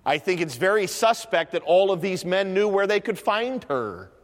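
Male preacher, high-pitched, dynamic delivery from shouts to hushes, church hall reverb. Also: big pitch swings, moderate pace, hardly any pauses. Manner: swings from loud, high proclaiming to hushed, low asides. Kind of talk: sermon.

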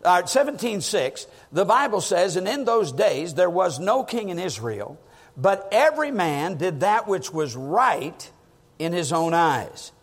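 A preacher with a high, husky voice speaks a little slowly, his pitch swinging widely and vividly. He hits stressed words hard and drops low for emphasis, and the long reverb of a large hall rings around him.

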